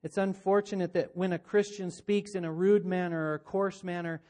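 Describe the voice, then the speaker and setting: A man's voice: high voice, little pitch movement, moderate pace, mellow. A man preaching a sermon, earnest and questioning, often voicing imagined listeners as he speaks. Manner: earnest, uses rhetorical questions and quoted voices. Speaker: pastor.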